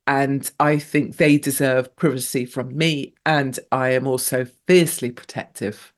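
A woman's voice: extremely low pitch, steady tone, unhurried. A middle-aged woman hosting a live radio talk show in a breezy, gushing manner, reading out listener chat messages with playful asides. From England.

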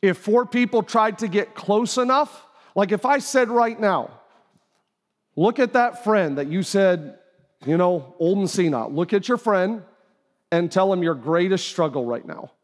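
In a church auditorium with long, live-hall reverb, a man preaches as pastor, slightly slow and high-pitched with lively intonation. He keeps it conversational and acts out the voices he quotes.

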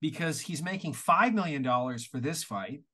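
A man from Canada co-hosting a podcast, talking in an animated, exasperated way with plenty of swearing. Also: on the high side, moderate pace. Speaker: podcast co-host. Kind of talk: casual podcast chat.

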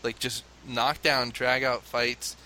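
An animated man from the United States tells a story with a bright, forceful voice. He laughs often and mimics crowd chants. A faint hiss sits under the recording. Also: mid-range voice, slow. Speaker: father telling a story. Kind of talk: casual conversation, anecdote.

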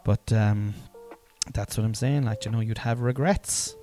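A man's voice: on the low side, a little slow, dark tone, soft background music. Rambling, self-mocking Irishman in his forties. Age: 40s. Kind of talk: casual rambling monologue.

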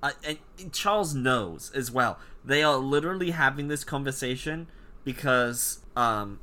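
A man chatting on a casual comic-book podcast. His voice is bright and forward at a middling pitch. He talks in an animated, jokey way, full of "like" fillers. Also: measured pace. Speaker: podcast co-host.

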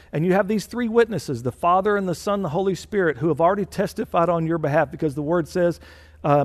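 A man's voice: a little high, long reverb tail. A man preaching a sermon as senior pastor, emphatic and repeating phrases for stress. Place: church.

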